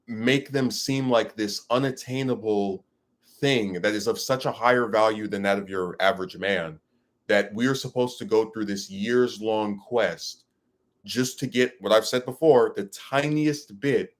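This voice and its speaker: A man giving ranting commentary to his audience, emphatic and rambling, with many restarts. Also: fairly low pitch.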